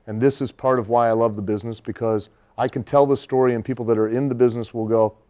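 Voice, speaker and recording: A man in a studio interview, telling an anecdote in an animated way, laughing and acting out the people he quotes. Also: mid-range voice, quick pace. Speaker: guest storyteller.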